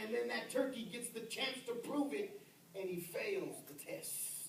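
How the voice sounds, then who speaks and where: Male pastor, emphatic sermon delivery with loud peaks and quiet drops; distant mic, reverberant church room. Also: very high-pitched, expressive, unhurried, vocal fry. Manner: swings from shouted emphasis to near-whisper, repeats words. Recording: echoey room heard from a distance.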